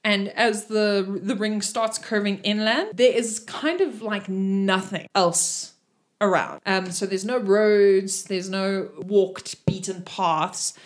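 A woman's voice: mid-range voice, fairly even intonation, takes it slowly. A woman narrating a tabletop game as game master, rambling with many fillers. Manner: rambling, filler-heavy, laughing.

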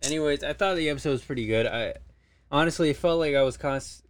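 A teenage boy co-hosting a casual podcast, easygoing and unhurried. He jokes around in plain, relaxed talk. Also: fairly high pitch. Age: teens. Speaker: podcast co-host. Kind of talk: casual chat.

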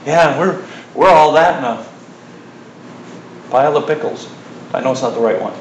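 Middle-aged male preacher, chatty sermon with jokes, slightly high voice, echoey hall, distant mic. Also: normal speed, slight background noise. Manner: conversational, joking asides, animated retelling.

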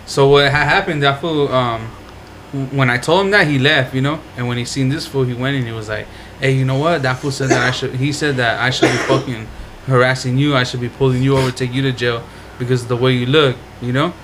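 A young man co-hosting a podcast, telling stories in a slangy, profane, animated way. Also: mid-range voice, a little fast, noisy background. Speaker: podcast co-host. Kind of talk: casual chat, storytelling.

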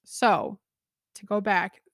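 A young adult woman co-hosting a podcast in casual chat, lively, laughing easily and often correcting herself mid-sentence. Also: mid-range voice, slow, no room sound, clean studio sound. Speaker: podcast co-host.

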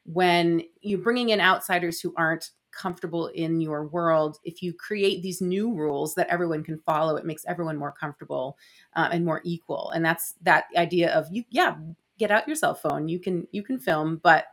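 A woman hosting an interview. She asks thoughtful, hedged questions and adds gentle backchannel responses. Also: on the low side, normal speed. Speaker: interviewer, host. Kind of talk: conversational interview.

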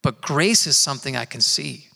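A man preaching a sermon in a church, telling his own story in an earnest, conversational way and slowing down to stress key words. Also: medium pitch, lively intonation, vocal fry, sharp tone. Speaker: pastor. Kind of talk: sermon with personal testimony. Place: church sanctuary. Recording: long hall reverb.

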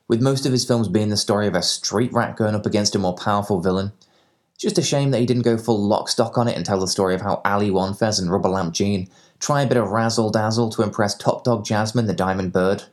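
Fast, sweary man reviewing films. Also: fairly low pitch. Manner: sardonic, sweary. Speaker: film reviewer. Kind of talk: scripted comedic review narration.

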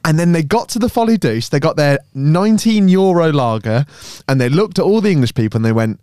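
A man's voice: on the high side, lively intonation, fairly quick, darkish tone, clear, resonant tone, no echo. A young man co-hosting a podcast, trading dry jokes and teasing asides in casual chat. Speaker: podcast co-host.

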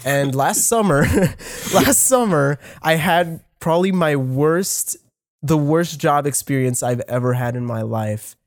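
A young man telling a story on a podcast. His voice is a bit high, and he tells the story in a lively, profane way with lots of "like" and restarts. The sound is dry and close. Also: slow, no room sound. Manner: animated, profane, many fillers and restarts. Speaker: podcast co-host, audio engineer. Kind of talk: casual storytelling chat.

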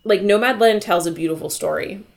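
Gravelly-voiced woman chatting about films. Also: mid-range voice, a little fast. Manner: rambling, filler-heavy, acts out scenes in voices. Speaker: podcast co-host. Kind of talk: casual film review chat.

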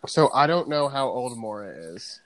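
Man, podcast co-host, casual rambling chat, mid pitch. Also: sing-song, normal speed, fairly bright tone, no room sound. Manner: rambling, hesitant, restarts.

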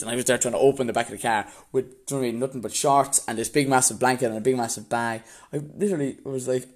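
A young man from Waterford with an Irish accent, casually telling a story to the camera and often breaking into laughter. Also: medium pitch. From Ireland.

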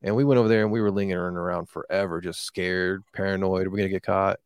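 A man's voice: low voice, steady tone, fast, smooth, dry recording, clean studio sound. A man in casual chat, telling a rambling, profane story with lots of fillers.

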